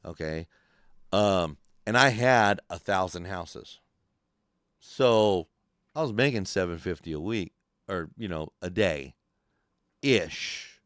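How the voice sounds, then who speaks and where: Animated, foul-mouthed storyteller man. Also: deep voice, slow pace, pauses often, clear, resonant tone, no echo, clean studio sound. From California. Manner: animated, swears constantly, acts out voices in his stories. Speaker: podcast host. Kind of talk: casual profane storytelling. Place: podcast studio.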